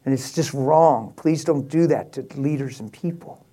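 A man's voice: mid-range voice, moderate pace, dark tone. Emotional older male pastor. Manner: emphatic, emotional, candid. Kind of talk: casual storytelling talk.

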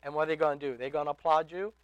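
A man preaching a sermon in an emphatic way, building to loud exhortations and dropping to quiet asides. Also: fairly high pitch, steady tone, rapid-fire, dry recording, muffled recording. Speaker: pastor.

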